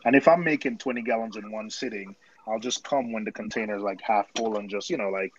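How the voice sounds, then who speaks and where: A man's voice: on the low side, a little fast. A man hosting a casual live stream chat, joking and laughing often. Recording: muffled stream audio with steady noise.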